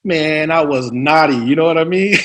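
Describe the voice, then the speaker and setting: Animated man telling slangy stories. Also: normal speed, noisy background. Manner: mimics others with sharp pitch jumps. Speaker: actor guest. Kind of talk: casual storytelling interview.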